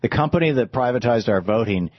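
A man's voice: mid-range voice, quick pace, no room sound. A man hosting a political talk radio show, talking in a casual, stammering way with many restarts. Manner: stammering, restarts, animated asides. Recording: slightly dull broadcast audio.

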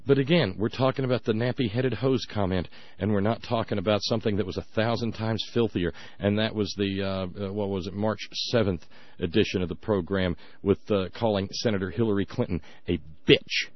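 A man's voice: on the low side, fairly quick, no room sound, dull audio. A man hosting a radio talk show, giving sarcastic, emphatic commentary with frequent restarts.

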